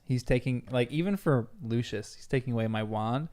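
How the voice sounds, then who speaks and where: A man hosting a casual book discussion, animated and laughing often as he acts out characters' lines. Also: mid-range voice, normal speed, smooth. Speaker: podcast host.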